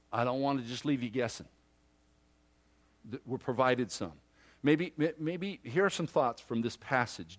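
A male pastor preaching a sermon emphatically, swinging from loud declarations to hushed asides and acting out imagined listeners. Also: mid-range voice, unhurried, pauses often.

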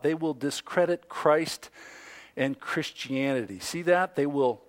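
A man preaching a sermon with a high, lively voice that leaps up and drops low. He takes his time, lingers on words, and acts out the voices he quotes. He goes from loud bursts to near-whispered asides. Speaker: pastor.

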